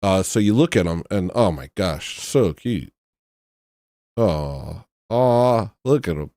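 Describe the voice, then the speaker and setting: A man's voice: sits low, animated, takes it slowly, dark tone, dry recording, studio quality. A man hosting a casual livestream, chatting to viewers and gushing, sometimes dropping to a choked near-whisper. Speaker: livestream host.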